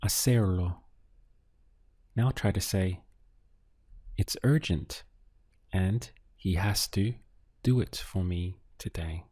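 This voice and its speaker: Male tutor for lesson narration: unhurried, deliberate delivery, warm low tone. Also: husky, dry recording. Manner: slow, deliberate, models Spanish phrases. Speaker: language teacher.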